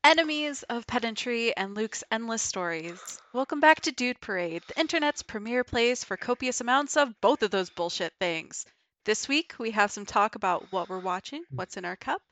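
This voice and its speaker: A woman's voice: a little high, animated, moderate pace, fairly bright tone. Wry woman podcast host. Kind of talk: podcast intro and casual chat.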